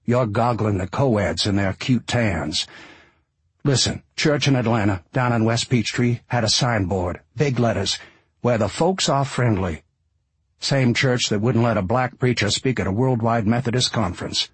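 A man with a husky voice playing a bitter, foul-mouthed ex-bus driver, ranting and sarcastic. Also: medium pitch, unhurried, no room sound. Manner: angry, sarcastic, swearing.

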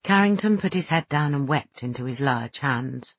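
A woman reads a story aloud in a slow, soft and measured way. Her voice sits low and sounds husky. The recording is dry and close, with no room echo. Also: lively intonation. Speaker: audiobook narrator. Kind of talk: scripted narration.

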